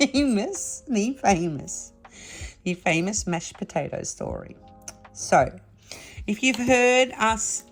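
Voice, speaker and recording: A middle-aged woman hosting a craft vlog, telling a funny story to camera in a chatty, laughing way. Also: lowish voice. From Australia. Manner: chatty, laughing, animated retelling. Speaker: craft channel host.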